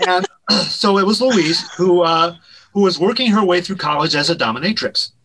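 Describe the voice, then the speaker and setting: A man with a fairly high, bright voice tells a wild backstage story as an interview guest. He is animated and lets his voice drop low at each punchline. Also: moderate pace, slight background noise, rough recording. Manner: animated anecdote-telling, drops pitch at punchlines. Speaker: guest, director and writer.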